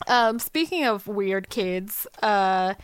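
A woman co-hosting a casual chat show, telling stories loudly, swearing freely and breaking into laughter. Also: mid-range voice, lively intonation, slow, clean tone, no room sound. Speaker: podcast co-host.

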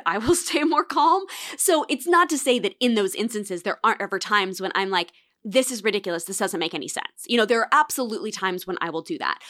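A woman's voice: mid-range voice, a bit bright. A woman in her thirties hosting a casual solo podcast, chatty and reflective, often acting out voices as she tells stories. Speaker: podcast host.

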